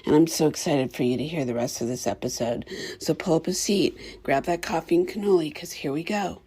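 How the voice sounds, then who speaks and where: Low husky-voiced woman doing a gushing podcast intro. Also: brisk. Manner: gushing, warm praise of her guest. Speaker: podcast host.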